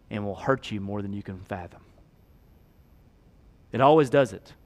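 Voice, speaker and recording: A man preaching a sermon as pastor, swinging from hushed, slow emphasis to loud, fast pleading. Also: medium pitch.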